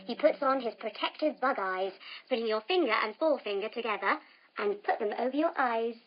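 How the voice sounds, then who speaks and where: A young woman leads a children's yoga story with a high, lively voice that leaps up and down as she encourages her listeners. She sounds playful and warm-hearted in her delivery, and the recording is a little dull and lo-fi. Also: a little fast, faint music behind. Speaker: kids yoga instructor and storyteller.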